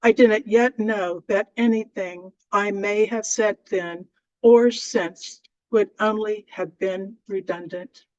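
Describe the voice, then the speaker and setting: A woman reading her poem aloud in a measured way, with deliberate pauses. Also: medium pitch, fairly even intonation, darkish tone, no echo, muffled recording. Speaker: poet. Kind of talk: poetry reading.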